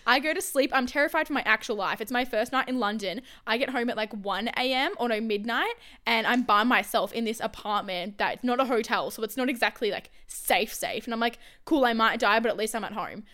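A woman's voice: a little high, a little fast, hardly any pauses, sharp tone. A young woman co-hosting a podcast, telling a travel story in a chatty, casual way with lots of fillers. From Australia. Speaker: podcast co-host. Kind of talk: casual chat.

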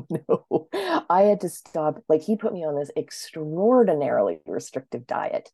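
A woman in her thirties with a low, mellow voice. She tells her story casually as a guest, often breaking into acted-out quotes. The sound is dry and close. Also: sing-song, unhurried, creaky, breathy edge, dry recording. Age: 30s. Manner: chatty, acts out quotes with sudden high-pitched voices. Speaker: interview guest.

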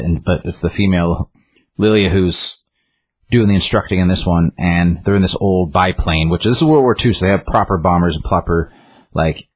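A man's voice: low voice, husky. A man casually retelling a book's story in a rambling way, with many restarts and fillers. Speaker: book reviewer.

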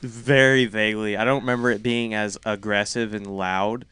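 A young man telling a story in casual, profane chat, getting animated as he goes. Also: lowish voice, moderate pace, over a noisy crowd.

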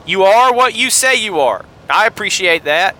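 Bright, fired-up man. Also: high voice, animated, normal speed, a little hiss or hum. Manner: fired-up, sarcastic, rambling asides. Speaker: podcast host. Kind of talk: podcast commentary on scripture.

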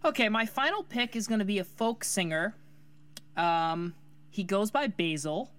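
A woman co-hosting a casual comedy podcast, playful and quick to laugh. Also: medium pitch, lively intonation. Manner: giggly, playful. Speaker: podcast co-host.

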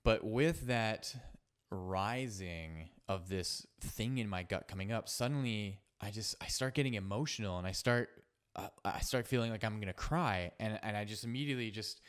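A man hosting a solo podcast, telling a personal story in an earnest, halting way with frequent restarts and fillers. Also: lowish voice. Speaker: podcast host.

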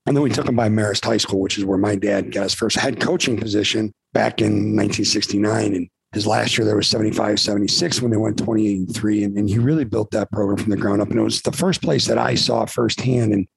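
A man's voice: fairly low pitch, steady tone, fast, vocal fry, few pauses, husky, poor audio. A middle-aged man from Chicago hosting a podcast, telling a personal story with a tired voice and repeated restarts. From Chicago, USA. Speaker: podcast host. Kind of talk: casual podcast monologue.

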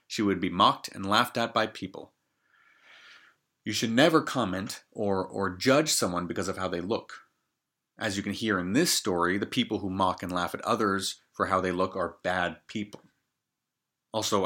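A man's voice: fairly low pitch, sharp tone. A man reading a fairy tale aloud, stopping often for joking comments on the story. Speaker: storybook reader.

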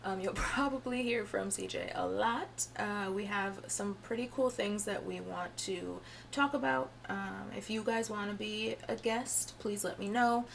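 A young adult woman hosting a casual solo podcast, chatty and rambling with many fillers, her voice strained and a little hoarse. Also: mid-range voice, measured pace, few pauses, a little hiss or hum. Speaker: podcast host.

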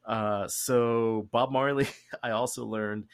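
A young man hosting a casual podcast chat, rambling and joking with quick asides. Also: medium pitch, fairly even intonation, clear, resonant tone. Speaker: podcast host.

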